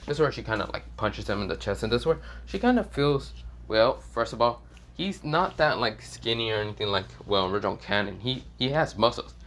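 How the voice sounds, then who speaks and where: A man's voice: lowish voice, lively intonation, brisk, fairly bright tone, slight background noise. A young man improvising a fan story aloud, rambling with many fillers and self-corrections and casual swearing. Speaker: fan fiction narrator.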